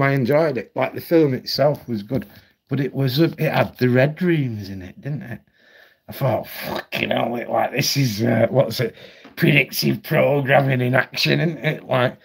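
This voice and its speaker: A man's voice: mid-range voice, vocal fry, slightly rough. A man ranting at home on his channel, blunt, heated and full of swearing. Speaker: vlogger. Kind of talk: ranting commentary.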